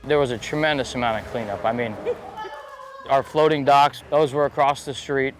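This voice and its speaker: A man's voice: medium pitch, fairly even intonation, normal speed, slight background noise, low-quality recording. Man, a restaurant owner, outdoors. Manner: plain, proud, matter-of-fact. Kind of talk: interview.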